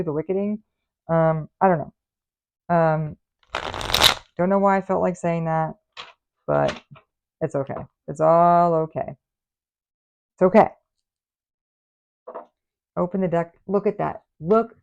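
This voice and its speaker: A woman's voice: on the low side, gravelly, dark tone, highs cut off. A woman doing a casual tarot reading for her viewers, chatty and playful, teasing them with mock scolding. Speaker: tarot reader.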